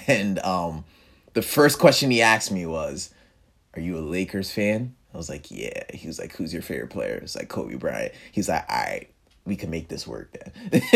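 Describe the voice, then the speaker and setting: A man's voice: low-pitched, gravelly. A young man telling a personal story in casual speech, reflective and sometimes emphatic. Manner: casual and reflective, quiet dips and emphatic rises. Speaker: vlogger.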